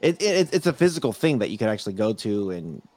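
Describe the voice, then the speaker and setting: A man's voice: on the low side, sing-song, fast talker, a little mellow, dry recording. A man in casual chat who teases his co-host and laughs often.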